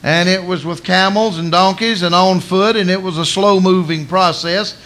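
A man's voice: high voice, fairly even intonation, normal speed, fairly bright tone. A man preaching a sermon in a folksy, storytelling manner with colloquial asides.

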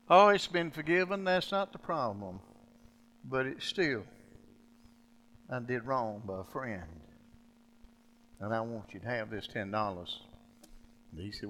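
An older man preaching a sermon, folksy and storytelling, swinging between loud preaching and quiet asides. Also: medium pitch, lively intonation, measured pace, long pauses, a little hiss or hum. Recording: long hall reverb.

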